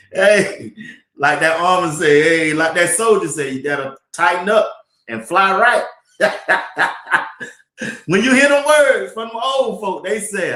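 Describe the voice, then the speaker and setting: A man's voice: on the high side, sing-song, slow pace, long pauses, pushed and bright, echoey room. A man hosting a casual sports talk livestream, joking and laughing often as he talks in folksy slang. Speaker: sports talk show host.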